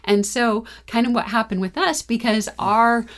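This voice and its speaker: Animated storytelling mother. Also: a little high, normal speed. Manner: animated storytelling, frequent laughs. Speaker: mother and co-host. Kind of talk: casual conversation.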